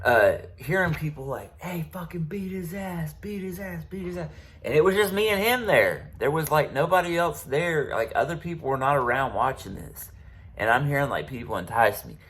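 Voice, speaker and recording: Low-voiced man telling a rambling story. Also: fairly bright tone. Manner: rambling, profane, lots of ums and restarts. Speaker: channel host. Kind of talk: casual personal storytelling.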